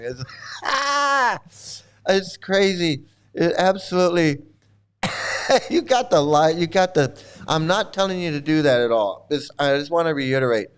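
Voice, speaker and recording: A man hosts a loose livestream chat with a slightly raised pitch and a smooth, clear voice. He rambles, stammers and repeats himself, mocks as he goes, and breaks into laughter often. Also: lively intonation, normal speed. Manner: mocking. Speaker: channel host.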